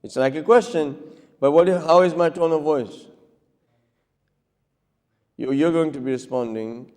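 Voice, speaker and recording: A man's voice: fairly high pitch, moderate pace, long pauses, darkish tone. A man, a cleric, teaching in a lecture style, often checking with his listeners and acting out short dialogues. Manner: keeps checking with listeners, acts out little dialogues. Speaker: cleric giving a talk. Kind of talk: lecture with audience questions. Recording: long reverb of a hall.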